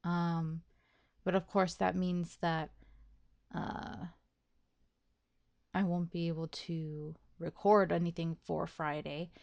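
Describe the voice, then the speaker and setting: Slow, rambling woman gaming commentator. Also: fairly low pitch, level tone, vocal fry, a little mellow, muffled recording. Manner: rambling and self-deprecating, with frequent laughs; many fillers and restarts, thinking aloud. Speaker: let's play host. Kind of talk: casual gameplay commentary.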